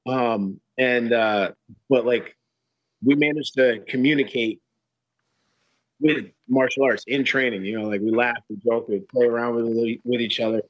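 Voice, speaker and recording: Man, casual guest chat, relaxed, rambling, dry recording. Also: mid-range voice, measured pace, no room sound, lo-fi sound. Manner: laid-back, full of fillers and restarts. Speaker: guest fighter.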